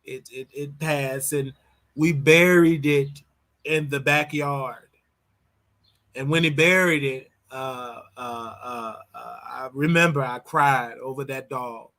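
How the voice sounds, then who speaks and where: A man from Chicago hosting a show, giving animated, opinionated commentary on celebrity gossip and often repeating and restarting his words. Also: medium pitch, slow. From Chicago, United States. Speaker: show host.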